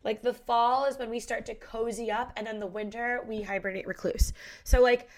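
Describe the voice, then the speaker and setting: A young woman hosts a podcast in casual chat, her voice a little high with a steady tone and moderate pace. She's congested from a head cold yet bubbly and gushing, saying "like" constantly.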